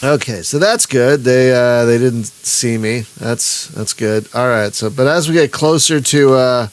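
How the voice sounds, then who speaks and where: A man hosts a live gameplay stream in a mid-range voice that runs a bit slow. His commentary wanders casually, with restarts, self-interruptions, and frequent chuckles.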